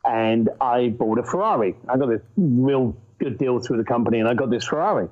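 A middle-aged man from England, a guest entrepreneur telling anecdotes in an animated, storytelling way. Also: mid-range voice, brisk. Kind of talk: casual storytelling interview. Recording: muffled lo-fi audio.

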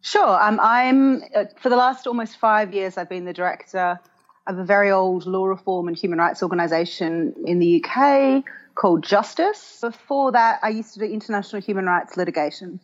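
A woman's voice: medium pitch, moderate pace, lo-fi sound. A woman from Australia, a human rights lawyer, answering interview questions in a thoughtful, searching way. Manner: thoughtful, hesitant with fillers.

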